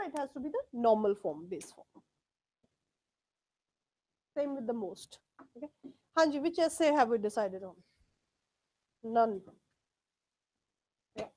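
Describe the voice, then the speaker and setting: A woman's voice: high-pitched, expressive, normal speed, long pauses, darkish tone. A woman teaching a live test class, drilling pronunciation by repeating words. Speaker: English test tutor.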